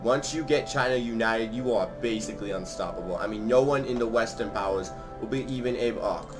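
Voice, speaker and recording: Fast-talking man hosting a let's play. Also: mid-range voice, over music. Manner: theatrical, changes voices for fun. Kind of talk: casual gaming commentary.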